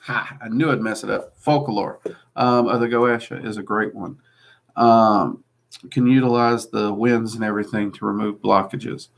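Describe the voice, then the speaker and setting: In a lowish voice with vocal fry, a man hosting a casual livestream answers chat at a normal speed and level tone. His Southern accent mixes Kentucky and Louisiana, and he rambles hesitantly, saying um a lot and adding friendly asides.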